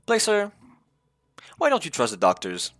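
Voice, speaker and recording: A man's voice: mid-range voice, normal speed, a bit bright, dry recording. A man streaming a video game, chatting loosely with his viewers and swearing freely as he rambles. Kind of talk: casual live-stream chat while gaming.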